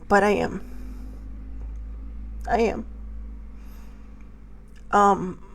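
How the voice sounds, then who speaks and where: A woman hosting her own show, speaking with tearful anger in impassioned personal commentary, moving between soft near-whispers and raised outbursts. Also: mid-range voice, gravelly, husky. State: tearful, angry. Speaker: show host.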